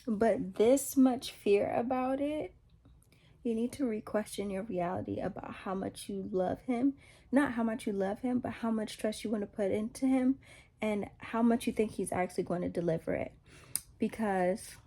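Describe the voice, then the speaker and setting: Mellow-voiced woman giving casual testimony. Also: a little high. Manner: rambling, repeats herself, self-mocking. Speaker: vlogger sharing a faith testimony.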